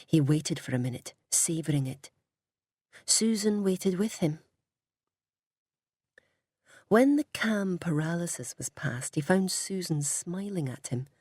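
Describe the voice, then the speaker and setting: A woman narrating a story at an unhurried pace. Her voice sits low and a little husky, and the recording is dry and close with no room sound. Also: animated, darkish tone, no echo. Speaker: audiobook reader.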